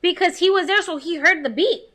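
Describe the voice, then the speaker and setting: Bright, high-voiced woman telling a wild story. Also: fairly quick. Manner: animated, heavy swearing, laughs while telling. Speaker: podcast co-host. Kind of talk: casual storytelling.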